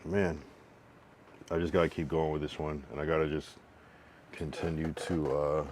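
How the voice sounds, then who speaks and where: A young man with a deep, low voice talks casually to his stream chat. He rambles a little, uses plenty of fillers, and repeats a word many times while testing how to say it. A faint room hum sits underneath. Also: little pitch movement, normal speed, darkish tone. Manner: repeats a word over and over to get the pronunciation right. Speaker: livestreamer.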